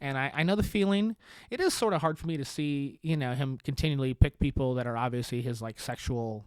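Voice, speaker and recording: A man hosting a podcast in a sarcastic comedic monologue, swearing and laughing at his own deadpan jokes. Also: medium pitch, a little fast, clean tone, no room sound, clean studio sound. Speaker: podcast host.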